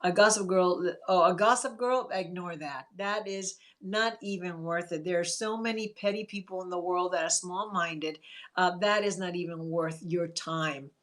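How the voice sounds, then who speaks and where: A woman's voice: fairly low pitch, normal speed, fairly bright tone. A woman therapist giving casual live-stream advice about rude coworkers, reading out viewers' names and answering them in an earnest way. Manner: earnest, answers chat comments by name.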